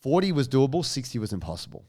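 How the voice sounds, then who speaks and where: A man, co-hosting a casual podcast chat and telling lively stories with swearing and laughter. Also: medium pitch, fast. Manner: animated storyteller, swears, laughs often. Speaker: podcast co-host.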